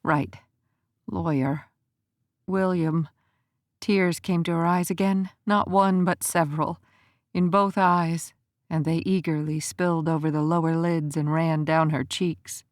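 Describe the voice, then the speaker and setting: A woman narrating a romance audiobook in an even, measured storytelling manner. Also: low voice, dry recording, studio quality.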